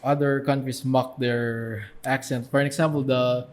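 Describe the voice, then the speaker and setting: A man's voice: medium pitch, little pitch movement, moderate pace. A man from the Philippines, hosting a podcast and asking curious questions in casual chat. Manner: curious questioning, laughs easily. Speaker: podcast host. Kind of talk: casual interview.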